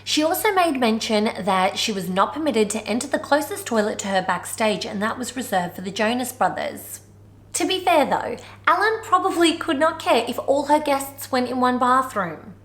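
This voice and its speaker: A woman's voice: on the high side, sing-song, moderate pace, a bit bright, reverberant. A woman hosting a commentary vlog, talking in a sarcastic style with wry, joking asides. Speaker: commentary vlogger.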